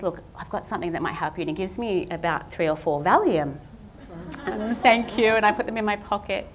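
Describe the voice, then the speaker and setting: A woman's voice: mid-range voice, a little hiss or hum. A woman giving a public talk as a guest artist, telling her story in a candid, self-deprecating way. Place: talk venue at a justice centre.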